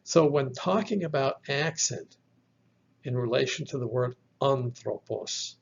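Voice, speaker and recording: Slow gravelly-voiced man teaching. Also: medium pitch, muffled recording. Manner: slow, careful explanations with spelled-out terms. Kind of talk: slide lecture.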